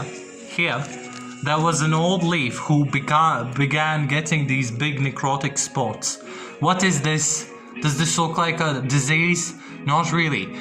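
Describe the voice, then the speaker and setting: A man's voice: on the high side, sharp tone. A young man showing his orchids at home in a casual vlog, rambling with restarts and asking "yeah?" often. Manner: rambling, many restarts and tag questions. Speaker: orchid hobbyist vlogger. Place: indoors at home among plants and boxes.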